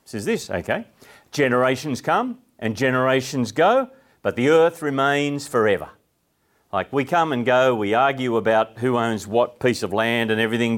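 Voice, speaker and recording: Casting: middle-aged Aussie male preacher, mid-pitched voice, relaxed, talks with the congregation. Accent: Australian. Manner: chatty, asks the audience questions, frequent restarts. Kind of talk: conversational sermon.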